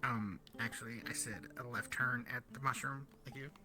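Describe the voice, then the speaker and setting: A man with a middle-pitched voice speaks in a dry, deadpan way as he leads his group. He chats casually during a VR roleplay stream, and music plays clearly behind him. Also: normal speed.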